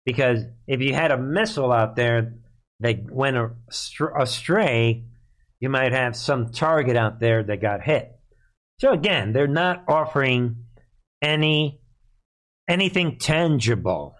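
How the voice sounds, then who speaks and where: A man hosting a live commentary stream, his voice sitting at an ordinary middle pitch. He talks in a sarcastic, scoffing way. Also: animated, slow, a bit bright. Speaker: political commentary host.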